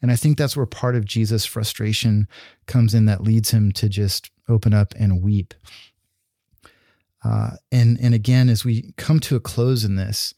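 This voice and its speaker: Earnest man preaching, mellow and dry. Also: fairly low pitch, steady tone, a little slow, no room sound. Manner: earnest, conversational, with fillers and restarts. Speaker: pastor. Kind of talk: sermon.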